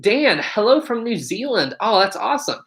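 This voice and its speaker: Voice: mid-range voice, big pitch swings, moderate pace, fairly bright tone. Friendly american streamer rattling off hellos to chat, medium voice, home mic. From United States. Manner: chatty, upbeat, greets viewers one by one. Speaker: livestream host. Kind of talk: live stream chat, reading viewer comments aloud.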